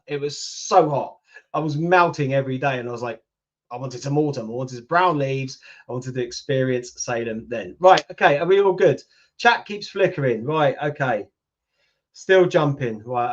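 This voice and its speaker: A man in his fifties with a British accent, chatting casually with viewers on a livestream and answering their comments. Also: medium pitch. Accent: British English. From United Kingdom. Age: 50s. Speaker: YouTube channel host. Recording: lo-fi livestream audio.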